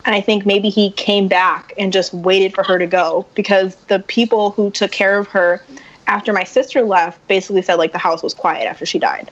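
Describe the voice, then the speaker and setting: Woman guest on a podcast, chatty animated storytelling, kinda muffled lo-fi sound. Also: medium pitch, normal speed. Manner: animated, acts out quoted voices. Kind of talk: casual storytelling.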